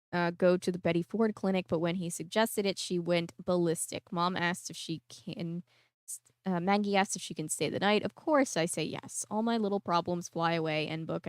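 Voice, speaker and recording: Woman host reading a novel aloud with casual commentary; smooth, slightly low voice. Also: no echo, clean studio sound. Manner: chatty asides, laughs at herself. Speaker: book reader and vlog host.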